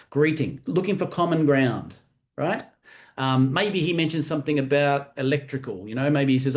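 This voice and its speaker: Energetic man giving a sales training talk. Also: a little high, fairly quick. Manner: energetic, repeats key phrases; acts out sales-call dialogue. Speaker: network marketing trainer. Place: live session with an audience.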